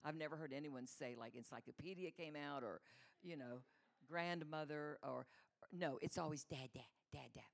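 A woman's voice: low voice, moderate pace. A middle-aged woman giving a conversational, storytelling sermon as a mother, acting out the voices she quotes. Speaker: church speaker, mother.

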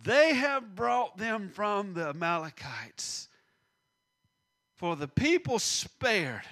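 A man's voice: high voice, big pitch swings, takes it slowly, pushed and bright. A man preaching a sermon, acting out the voices in the scripture and dropping to a near-whisper at times.

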